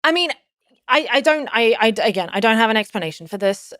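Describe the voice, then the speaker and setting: A woman's voice: fairly high pitch, expressive, a little fast, fairly bright tone, dry recording, studio quality. A woman in her thirties, a podcast guest, telling a personal story in casual conversation, rambling with many fillers and restarts.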